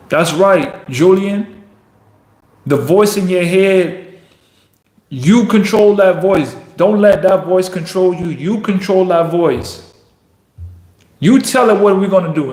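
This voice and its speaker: A man's voice: sits high, slow pace, pauses often, a little mellow. A young adult man, a professional basketball player, giving an intense, repetitive motivational speech that builds to emphatic peaks. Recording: echoey room.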